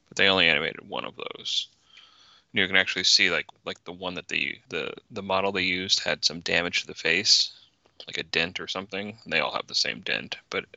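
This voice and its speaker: A man with a very low, gravelly voice chats casually on a podcast, walking through behind-the-scenes details with lots of fillers. His tone is bright and forceful, and the recording is dry and a little dull and lo-fi. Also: no room sound. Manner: explains production details with many fillers. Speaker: podcast co-host.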